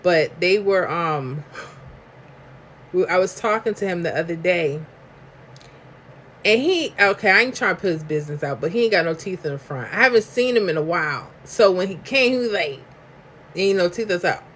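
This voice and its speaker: Talkative New York-accented woman, low-ish voice, casual live-stream host who reads chat comments aloud and talks slangy and emphatic. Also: lively intonation, normal speed, a bit bright, a little hiss or hum.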